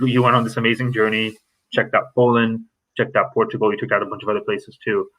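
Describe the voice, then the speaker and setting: Guy hosting a chill podcast, kinda low husky voice, lots of likes and ums. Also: fairly bright tone, poor audio. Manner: loose, rambling, heavy on fillers. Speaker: podcast host. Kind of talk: casual interview chat.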